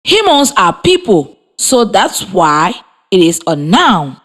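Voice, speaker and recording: Woman radio teacher for a children's lesson, slow and sing-song, spells out words patiently. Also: medium pitch, very animated, fairly bright tone. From Liberia. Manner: slow, clear and encouraging, spells words letter by letter. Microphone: radio studio mic.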